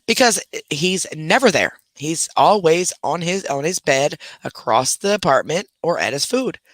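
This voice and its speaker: A man hosting a casual livestream from his bedroom at home, telling stories in an animated way and scolding his dogs in between. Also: on the high side, normal speed, no echo. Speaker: livestream host. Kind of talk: casual live chat.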